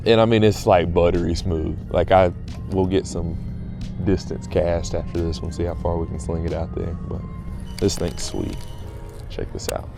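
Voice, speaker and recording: A man chatting casually and excitedly to viewers outdoors by a pond while fishing. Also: deep voice, normal speed, gravelly, music in the background. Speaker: fishing vlogger. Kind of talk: casual on-the-water vlog chat.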